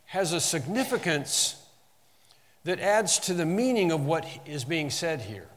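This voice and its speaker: A man's voice: on the high side, very animated, a little slow, big-room sound. A man teaching a Bible lesson as a sermon, quoting verses with emphasis and often restarting phrases.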